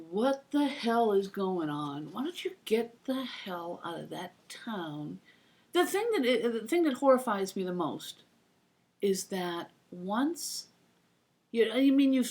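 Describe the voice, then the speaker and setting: A woman's voice: fairly high pitch, a little mellow. Rambling middle-aged woman telling stories. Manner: rambling, acts out quoted voices. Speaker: vlogger. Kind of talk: casual anecdotal storytelling. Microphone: computer mic.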